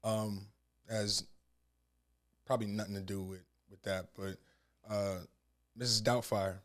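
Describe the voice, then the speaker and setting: A man's voice: lowish voice, little pitch movement, a little slow, a bit bright. Laid-back man in his thirties, bantering. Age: 30s. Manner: rambling storyteller with frequent restarts. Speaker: podcast co-host. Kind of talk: casual chat.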